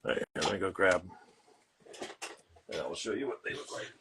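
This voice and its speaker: A man's voice: low-pitched, lively intonation, a little fast, very noisy. A man hosting a casual livestream from a home studio, explaining things in a rambling way with plenty of fillers while he works on art. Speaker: host.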